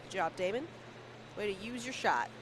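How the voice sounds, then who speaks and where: A female commentator gives playful play-by-play of a cornhole match, her voice at a middle pitch. Clear background noise runs under the recording throughout. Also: animated, moderate pace. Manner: playful, laughs often between calls. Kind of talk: casual sports commentary. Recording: noisy event recording.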